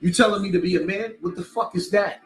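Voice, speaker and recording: A man in his forties with a high voice rants on a live stream, aggressive, defiant and profane. The room sounds echoey, and faint music plays behind him. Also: steady tone, quick pace. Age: 40s. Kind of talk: angry live-stream rant.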